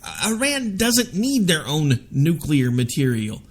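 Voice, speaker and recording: Talk radio host, male, gravelly and a bit high, forceful opinionated debater. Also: very animated, measured pace.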